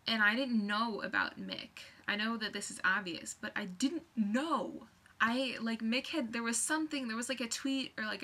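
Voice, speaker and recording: A young woman telling a story on her vlog, excitable and rambling, full of fillers and restarts. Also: medium pitch. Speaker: vlogger.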